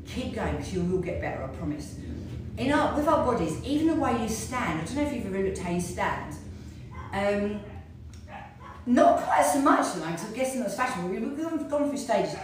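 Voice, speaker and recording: A woman's voice: medium pitch, lively intonation, fairly quick, slight background noise. A middle-aged woman, a fitness instructor, chatting in a rambling way while she hula hoops in her home studio. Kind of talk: casual chat while hula hooping. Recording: very echoey room, voice from a distance.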